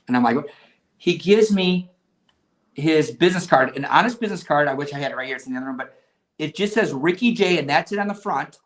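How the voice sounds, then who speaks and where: Guy on a chat show spinning a story, voice a bit high, lots of restarts. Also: fairly quick. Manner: lively anecdote-telling, with many restarts. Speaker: magician guest. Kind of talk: casual storytelling in conversation.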